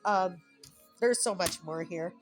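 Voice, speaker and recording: A woman vlogging a frank, confessional monologue, rambling and restarting her sentences, with soft laughs breaking in now and then. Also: fairly low pitch, takes it slowly, soft background music. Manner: rambling, heartfelt, self-interrupting with soft laughs; frank and confessional, occasionally swearing. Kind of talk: candid personal vlog monologue.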